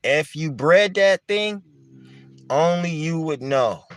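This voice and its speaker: A man's voice: fairly high pitch, animated, slow, no echo, studio quality. A man speaking, talking conversationally, asking rhetorical questions and repeating his points. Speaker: dog breeder talking to camera. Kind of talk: casual monologue.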